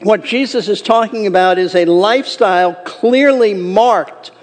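A man's voice: sits high, unhurried, long reverb tail. A man preaching a sermon as a pastor, earnest and emphatic, reading scripture aloud.

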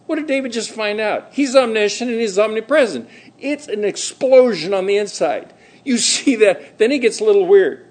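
Animated, conversational man preaching a sermon. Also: sits high, normal speed. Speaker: pastor.

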